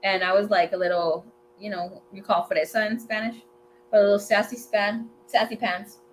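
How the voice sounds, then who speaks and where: A woman in her twenties hosting a tarot livestream, telling a story in a chatty, animated way, swearing freely and mixing in Spanish words. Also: medium pitch, normal speed, a little hiss or hum. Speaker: tarot reader and livestream host. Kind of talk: casual storytelling chat.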